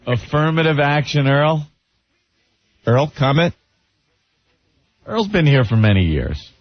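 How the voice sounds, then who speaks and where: A man's voice: on the high side, sing-song, slow, dry recording. A man hosting a radio talk show, teasing and joking in casual banter. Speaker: radio host. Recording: dull lo-fi radio broadcast.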